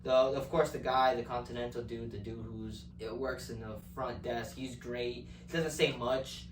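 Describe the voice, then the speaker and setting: A man's voice: mid-range voice, steady tone, moderate pace, background noise. A man giving a casual movie review, rambling and swearing, often repeating words while he searches for the phrase. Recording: echoey room from a distance.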